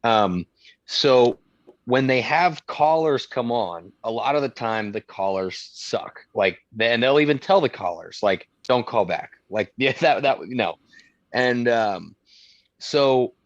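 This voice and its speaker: A man's voice: medium pitch, no echo, muffled recording. A young man co-hosting a podcast, chatting casually and rambling through stories with many restarts. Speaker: podcast co-host. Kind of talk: casual chat.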